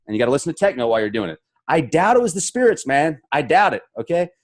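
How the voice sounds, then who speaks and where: A middle-aged man hosts his own show and reads viewer comments aloud, then riffs on each one with jokey, mock-dramatic asides. His voice sits a touch high for a man. His pitch swoops and jumps a great deal as he clowns around. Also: big pitch swings, quick pace. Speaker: show host. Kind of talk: reading and riffing on viewer comments.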